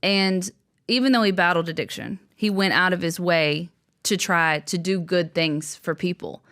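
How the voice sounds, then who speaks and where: A young adult woman telling a long story as an interview guest, animated and acting out quotes, often laughing. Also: lowish voice, normal speed. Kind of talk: storytelling in conversation.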